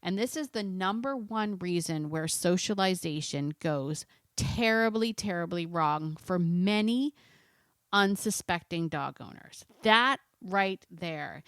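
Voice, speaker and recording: A woman hosting a dog-training show, talking with animated, coaxing enthusiasm and acting out little imagined dialogues. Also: mid-range voice, slow, no room sound, clean studio sound. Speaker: dog trainer podcast host. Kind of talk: enthusiastic solo talk.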